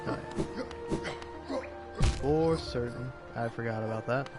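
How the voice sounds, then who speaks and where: A man's voice: medium pitch, unhurried, loud music behind the voice. A man giving casual gameplay commentary, rambling with lots of fillers and laughing often. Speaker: gaming video creator.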